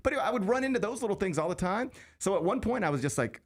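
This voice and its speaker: A man's voice: high voice, very fast. A man hosting a sports radio show, telling stories in casual chat and acting out quotes as he goes. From Alabama. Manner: lively storyteller, acts out quotes.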